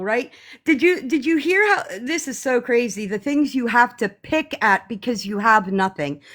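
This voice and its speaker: A woman on a live stream, ranting to her viewers in a heated, profane, sarcastic way, often slowing down to stress her words. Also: sits high, a bit bright. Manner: slow emphatic pauses.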